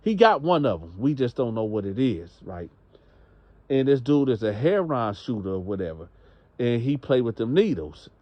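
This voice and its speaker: A man's voice: medium pitch, big pitch swings, normal speed, no room sound, muffled recording. A man narrating a story in a loose, slangy, conversational way.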